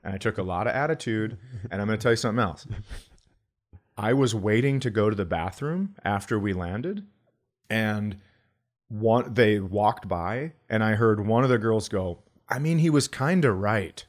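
A middle-aged man from Minnesota, a comedian telling a story in casual podcast chat, breaking into loud exclamations. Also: fairly low pitch, normal speed. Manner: animated, jumps into loud exclamations.

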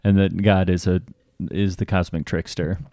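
Deep, mellow man, dry joking asides. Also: level tone, moderate pace, dry recording. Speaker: podcast co-host. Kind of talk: casual chat.

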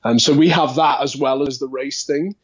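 A man with a light Liverpool accent talks as a podcast guest, an actor thinking aloud in loose, rambling sentences full of fillers and restarts. His voice sits at a middling pitch. The audio is a little muffled. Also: normal speed, slightly rough. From Liverpool, England. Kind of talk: casual interview chat.

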